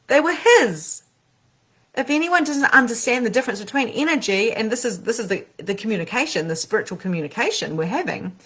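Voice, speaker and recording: A woman, a spiritual coach and medium, talking casually and animatedly with slang, her voice swinging between loud and soft. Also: on the high side, breathy edge. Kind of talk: casual motivational talk.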